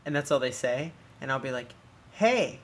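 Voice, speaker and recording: A man in casual chat, retelling awkward exchanges in a wry, deadpan way. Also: medium pitch, fast.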